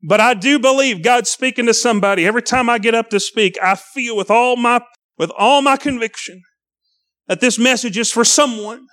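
A man's voice: very high-pitched, moderate pace, fairly bright tone, no room sound, clean studio sound. A young man preaching a sermon to a congregation, earnest and pleading, repeating his phrases as he calls people to the altar.

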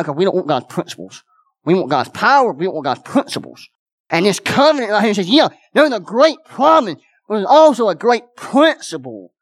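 A man's voice: high-pitched, no room sound. A man preaching a sermon as pastor, folksy and repetitive, with many restarts.

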